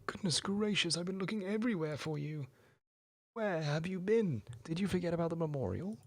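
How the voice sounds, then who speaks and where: A man's voice: on the high side, lively intonation, brisk, dry recording, clean studio sound, voice pushed up. A man voicing a stern, fussy older woman who shrilly scolds, in a visual novel game read aloud. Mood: scolding.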